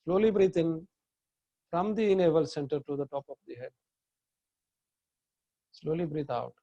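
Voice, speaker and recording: A man, a yoga teacher, slowly guiding a chakra meditation, giving calm breathing instructions and chanting mantras in long tones. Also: fairly high pitch, no room sound, muffled recording.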